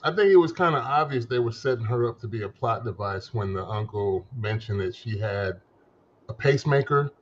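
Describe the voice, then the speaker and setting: A man's voice: medium pitch, lively intonation, a little fast, dull audio, a little hiss or hum. A man co-hosting a casual movie discussion, analytical with slangy asides.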